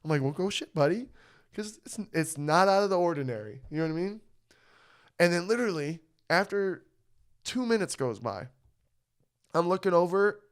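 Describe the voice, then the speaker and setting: A man co-hosting a podcast, telling a story in casual chat, animated and swearing, often asking "you know what I mean". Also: high-pitched, normal speed, pauses often, clean tone. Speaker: podcast co-host.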